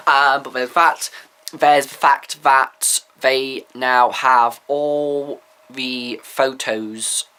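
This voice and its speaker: A man's voice: medium pitch, bright, forceful tone. A man giving candid, opinionated views in a rambling casual vlog. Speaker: vlogger.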